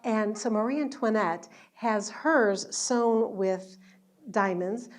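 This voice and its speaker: A woman, an educational entertainer, chatting and telling stories to an audience at an event after her show. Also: fairly high pitch. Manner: chatty, warm storytelling with laughs. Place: event hall at a luncheon.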